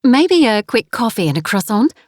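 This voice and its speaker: A woman's voice: on the high side, very animated, moderate pace, a little mellow, no echo, clean studio sound, pitched above the performer's own voice. A woman voicing Maggie, a worried middle-aged mother who speaks tenderly and anxiously.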